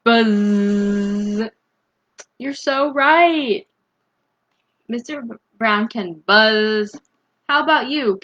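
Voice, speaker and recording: A woman reading a picture book aloud to children, gently asking them questions and breaking into loud animal sounds. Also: on the high side, highs cut off. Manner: slow, gentle, asks the young listeners questions; bursts into loud animal noises. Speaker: storytime reader.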